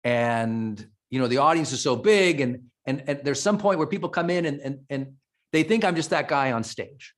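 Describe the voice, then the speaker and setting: A middle-aged man from Montana, USA, gives a keynote to a live audience, his mid-range voice at a moderate pace. The motivational speech is emphatic and emotional, punctuated by frequent sentence restarts.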